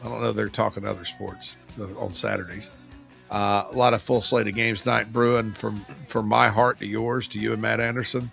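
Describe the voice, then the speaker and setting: A man hosting a sports talk show, chatting casually and joking with quick asides. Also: lowish voice, level tone, vocal fry, a bit bright, faint music behind.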